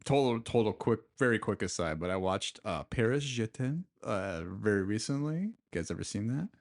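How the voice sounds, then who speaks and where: Low-voiced rambling male podcast host. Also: animated, normal speed. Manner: rambling, storytelling with filler words. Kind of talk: casual podcast chat.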